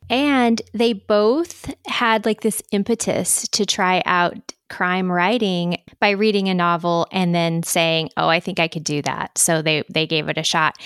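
A woman's voice: on the low side, a bit bright, clear, resonant tone, dry recording, studio quality. A woman co-hosting a podcast in an enthusiastic, chatty way. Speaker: podcast co-host. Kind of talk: casual chat.

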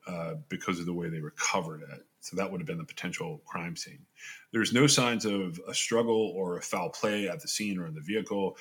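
A man's voice: deep voice, a bit bright. A man hosting a true-crime podcast, reading case details aloud and adding his own casual asides. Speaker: podcast host.

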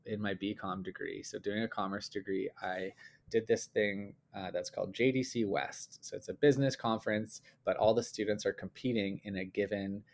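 A man's voice: lowish voice, moderate pace, gravelly. A young man from Canada, a guest chatting casually and telling stories with easy fillers. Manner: relaxed, chatty storytelling with frequent fillers. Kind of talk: casual conversational interview.

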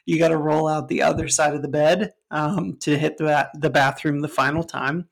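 A man's voice: a little high, level tone, moderate pace, gravelly. A man co-hosting a podcast in casual chat, joking and laughing often. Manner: laughs often, jokey and loose. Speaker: podcast co-host.

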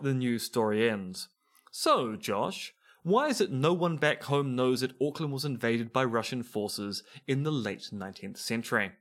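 A man's voice: medium pitch, animated, a little slow, a bit bright. Man explaining in wry podcast chat. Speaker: podcast co-host. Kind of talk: casual chat.

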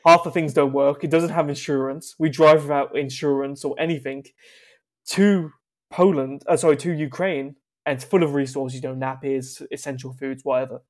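Give me a young man rambling through casual anecdotes, wry and offhand, at an ordinary pitch. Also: steady tone, moderate pace. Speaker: podcast guest.

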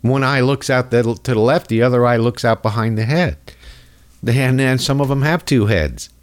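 A man's voice: mid-range voice, moderate pace. A man hosting a comedic political rant in a mocking, rambling way. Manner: mocking, rambling, jumps into voices. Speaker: host.

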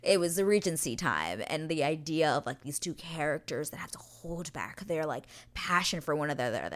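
Low-voiced woman giving a profane, animated recap. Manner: animated, swears freely, paraphrases characters in modern slang. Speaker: TV episode recap host. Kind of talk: casual scene-by-scene recap.

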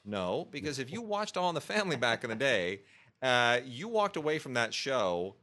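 A man's voice: medium pitch, sing-song, normal speed, sharp tone. A man co-hosting a podcast, thinking aloud and often restarting his sentences. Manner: thoughtful, searching for words, many restarts. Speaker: podcast co-host. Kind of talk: casual chat.

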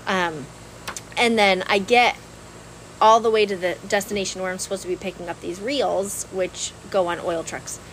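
A woman's voice: medium pitch, normal speed, low-quality recording. New woman gabbing on a podcast, laughs a lot, bit of background noise. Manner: animated, laughs often, rambling with restarts. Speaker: podcast co-host. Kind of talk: casual storytelling chat.

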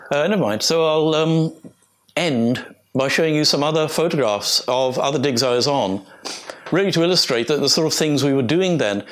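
An older man from England delivers an illustrated talk, his voice sitting at an ordinary middle pitch. He rambles from one anecdote to the next, restarting sentences and chuckling as he goes. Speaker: archaeologist giving a talk.

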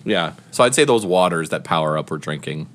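A man co-hosting a podcast in casual chat, upbeat and quick to agree and react. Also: very deep voice, lively intonation, fairly bright tone. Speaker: podcast co-host.

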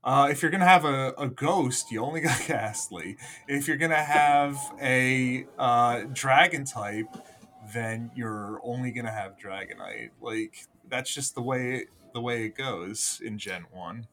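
A man's voice: medium pitch, a little slow, fairly bright tone, slight background noise. Young guy cohosting a podcast, rambly, lots of um and like. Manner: rambling, many fillers and restarts. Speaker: podcast co-host. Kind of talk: casual chat.

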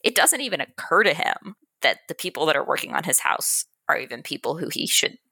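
A woman co-hosting a romance book podcast, casually retelling funny scenes in an animated way. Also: low voice, a little fast, gravelly, slightly rough, dry recording, clean studio sound. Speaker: podcast co-host.

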